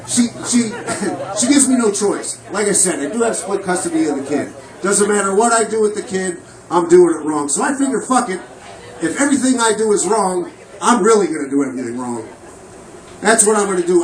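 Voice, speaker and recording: A man doing a crude, profane, rambling stand-up comedy set on a comedy club stage. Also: sits high. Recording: roomy, distant mic, loud crowd laughter.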